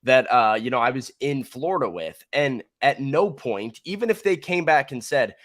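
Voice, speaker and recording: A man with a mid-range voice talking casually on a sports podcast. He states his opinions plainly and bluntly. His tone is conversational and relaxed. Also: mid-range voice, a little fast, hardly any pauses, no echo, studio quality. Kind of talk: casual chat.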